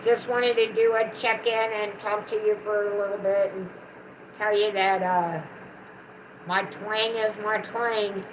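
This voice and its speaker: A woman's voice: medium pitch, level tone, a little slow, background noise. A middle-aged woman with a Southern American twang, chatting affectionately on a casual livestream. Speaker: co-host of a livestream, the channel owner's mother.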